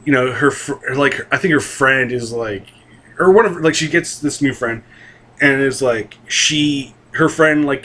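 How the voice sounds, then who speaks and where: Young dude rambling about anime, husky voice, swears a ton, lots of like and you know. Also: male voice, fairly high pitch, fairly bright tone. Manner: profane, rambling, full of fillers and restarts. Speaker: anime vlogger. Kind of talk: casual rambling review.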